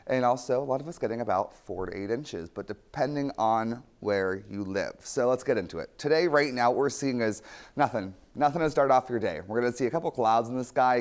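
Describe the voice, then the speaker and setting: A young man, a TV weather forecaster, talking casually through the forecast while losing his voice. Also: on the low side. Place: TV studio.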